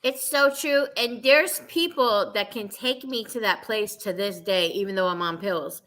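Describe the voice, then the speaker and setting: Bright, candid woman host. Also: mid-range voice, measured pace. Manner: candid, profane confessional storytelling. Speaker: podcast host. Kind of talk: casual chat.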